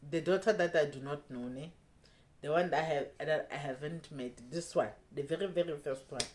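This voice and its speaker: A woman's voice: low-pitched, moderate pace, slight background noise. A young woman telling a personal story in a casual storytime vlog, acting out the dialogue as she goes. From South Africa. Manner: animated retelling, acting out quoted dialogue.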